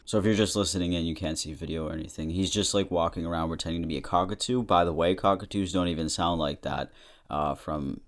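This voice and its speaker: A young man with a deep, low voice rambles through a casual comedic monologue. He is chatty and self-deprecating and breaks into laughs often. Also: fast. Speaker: podcast host.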